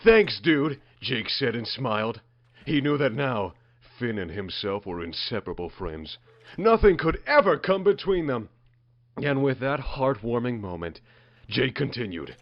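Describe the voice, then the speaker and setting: A man's voice: medium pitch, sing-song, unhurried. A man reading a comedic story aloud in a mock-dramatic, building manner. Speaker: narrator. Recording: muffled dry lo-fi recording.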